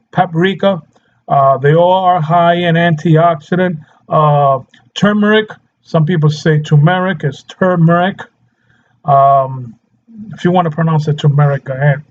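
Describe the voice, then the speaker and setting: A man's voice: on the high side, dull audio. A man talking casually as a nutrition coach, chatty, laughing often and checking in with his listeners as he goes. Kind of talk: casual health talk to camera.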